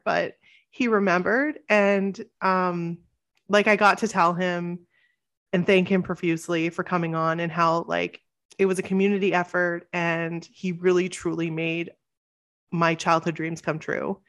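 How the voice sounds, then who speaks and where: Animated woman podcast host telling a story. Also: fairly low pitch, unhurried. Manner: animated, acts out quotes with shifting voice. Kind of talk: casual storytelling.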